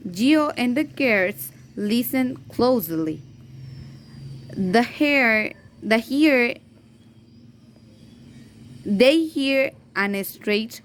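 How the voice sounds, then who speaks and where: A woman teacher reading a children's story aloud in a careful, halting way, repeating and correcting words as she goes. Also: fairly high pitch, lively intonation, a little hiss or hum. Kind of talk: reading a story aloud slowly, then in Spanish.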